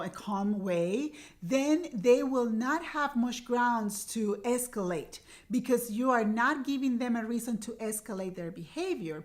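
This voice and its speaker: A woman in her forties, mother of teenagers, hosting a parenting advice show in an earnest, coaching way that repeats its key points. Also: fairly high pitch. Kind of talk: direct-to-camera parenting advice.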